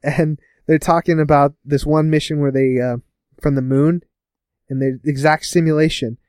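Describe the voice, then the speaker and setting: A man casually recapping a TV episode with a co-host, laughing often and putting on quick voices for the characters. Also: on the high side, fairly even intonation, a little mellow, clean tone, no room sound, clean studio sound. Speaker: podcast co-host.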